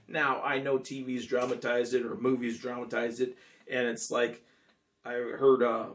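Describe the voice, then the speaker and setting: A man's voice: mid-range voice, a bit bright. A man, a singer-songwriter, chatting casually and ramblingly to his audience between songs. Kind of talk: casual chat between songs at a home concert.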